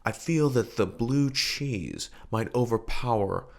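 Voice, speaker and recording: A man voicing a fussy, pretentious male bar customer who speaks in an affected, measured way. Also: medium pitch, creaky.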